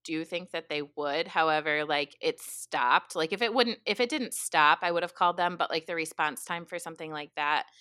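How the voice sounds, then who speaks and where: A woman therapist telling a story in casual chat, animated and full of "like", with some swearing. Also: sits low, normal speed, few pauses, clean tone, no room sound, clean studio sound. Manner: animated, heavy use of "like", swears.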